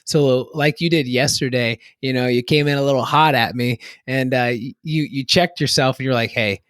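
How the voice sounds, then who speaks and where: A man's voice: mid-range voice, fairly even intonation, normal speed, a bit bright, no room sound. A man co-hosting a casual podcast discussion, talking in a loose, rambling way with frequent restarts and light laughs. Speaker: podcast co-host.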